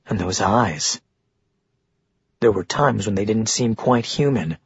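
A man narrating an audiobook in a steady storytelling manner. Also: lowish voice, slow pace, breathy edge, no echo. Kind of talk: scripted narration. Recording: dull dry muffled recording.

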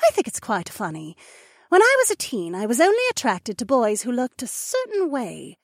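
A man voicing a poised young she-wolf duchess in an audiobook, gentle and reminiscing. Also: very high voice, huge pitch swings, moderate pace, vocal fry, no room sound, studio quality, voice pushed up, full character voice. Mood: amused. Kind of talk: audiobook character voice.

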